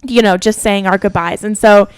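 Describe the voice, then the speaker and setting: A woman co-hosting a podcast, recounting events in a steady, plain way. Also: mid-range voice, normal speed, smooth, no echo. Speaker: podcast co-host. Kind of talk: casual chat.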